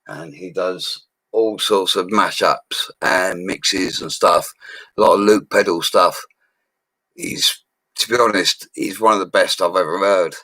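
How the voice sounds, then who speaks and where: A drunk man, a bricklayer rambling loudly to viewers on a live stream from a small room at home. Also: low voice, fairly even intonation, a little slow, dry recording. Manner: rambling, loud and laddish, laughing often. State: drunk, slurring. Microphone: laptop microphone.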